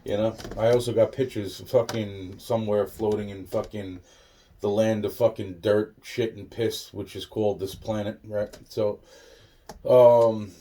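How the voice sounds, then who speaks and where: A man's voice: on the low side, little pitch movement, a little slow, mellow, recorded from a distance, slight background noise. A man in a rambling, profane monologue, restarting his sentences again and again.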